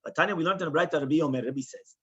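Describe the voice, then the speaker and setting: A man's voice: fairly high pitch, very fast, sharp tone, breathy edge, highs cut off. A man teaching a Talmud class as a rabbi, explaining the text with lots of rhetorical questions and quoted Hebrew and Aramaic.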